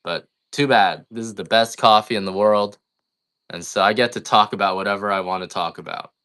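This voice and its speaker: A man's voice: fairly low pitch, fairly quick, bright, forceful tone, smooth. A middle-aged man who sells coffee on a livestream, chatting in a blunt, rambling, complaining way. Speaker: coffee farmer selling on a livestream. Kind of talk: casual livestream chat.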